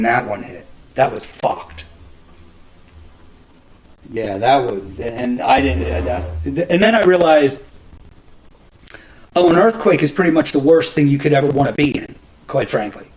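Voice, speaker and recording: Middle-aged male podcast host, loose profane storyteller, slightly high voice. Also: darkish tone, rough recording. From New Jersey. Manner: rambling, profane, many restarts and fillers. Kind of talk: casual storytelling monologue.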